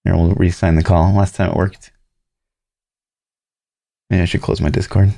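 A man with a deep, low-pitched voice talks casually as a podcast co-host. He rambles with plenty of fillers and blunt, profane remarks. The sound is dry and close, with no room around it. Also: little pitch movement, moderate pace, vocal fry, warm tone, no echo.

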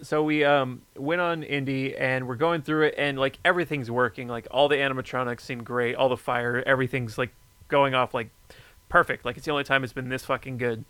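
A man chatting casually, telling a story with lively energy and plenty of swearing. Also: medium pitch, a little fast, clear, resonant tone, dry recording. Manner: animated storyteller, swears freely. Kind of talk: casual chat.

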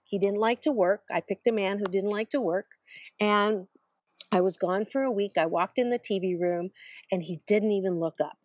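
A middle-aged woman, an author and interview guest, tells her personal story emphatically and repetitively, with self-deprecating humor. Her mid-range voice is a little mellow and moves at normal speed, recorded with no room sound.

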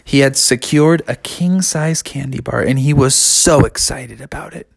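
A storyteller telling a bedtime story in an animated, expressive way, stretching words out. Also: medium pitch, unhurried, creaky.

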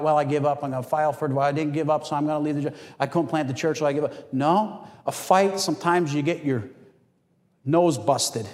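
A man preaching a sermon as pastor, telling stories with animated acted-out quotes. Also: a little high. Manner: animated storytelling, acts out quotes. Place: church hall. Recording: long hall reverb.

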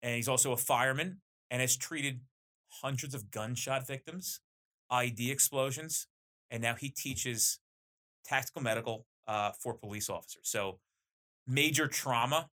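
A man's voice: medium pitch, moderate pace. A man who runs police training, talking in a casual, enthusiastic podcast conversation. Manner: animated, enthusiastic storyteller. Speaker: police training company owner.

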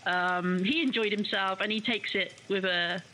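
A woman's voice: mid-range voice, steady tone, normal speed, slight background noise, poor audio. A woman co-hosting a casual talk show, chatty and fond of calling people darling. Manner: chatty and warm-hearted, says darling often. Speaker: co-host. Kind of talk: casual radio chat.

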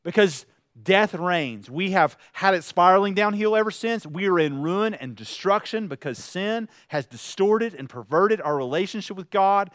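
High-voiced preaching man, dry sound. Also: expressive, moderate pace, hardly any pauses, fairly bright tone, dry recording. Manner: conversational preaching with rhetorical questions and acted-out anecdotes. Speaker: pastor. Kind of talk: sermon.

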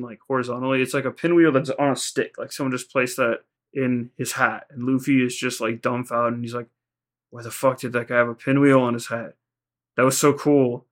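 A male podcast co-host with an ordinary middle-pitched voice, talking fast and loose. He circles his points, restarts, and acts out characters' lines as he retells a plot. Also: a bit bright. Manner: rambling, heavy use of "like", retells scenes in quoted voices. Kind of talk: casual recap chat.

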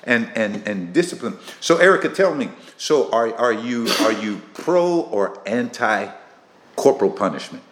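A man hosting a casual faith-based interview, animated and teasing, laughing often. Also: mid-range voice, moderate pace. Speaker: interview host. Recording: echoey room with faint noise.

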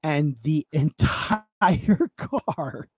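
A man's voice: fairly high pitch, extremely slow, slightly rough, no echo. A man telling a long, emotional story in a casual podcast chat, swearing and tripping over his words as he goes. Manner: excitable storyteller, swearing, repeating himself. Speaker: podcast co-host.

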